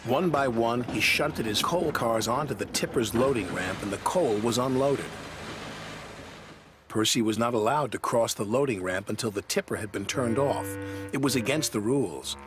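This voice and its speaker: A man narrating a children's story in an expressive way. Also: mid-range voice, moderate pace, background noise. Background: music.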